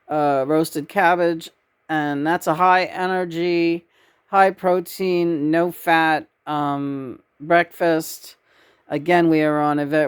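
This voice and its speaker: Brief: woman vlogger, low pitch, blunt, profane, rambling casual chat. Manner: blunt, swears freely, rambling. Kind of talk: casual spiritual vlog chat.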